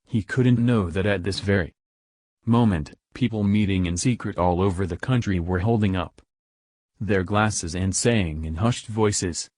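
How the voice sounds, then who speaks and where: A man reading a children's fantasy novel aloud in a measured, even storytelling voice. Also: sits low, dry recording. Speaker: audiobook reader. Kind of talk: storybook narration.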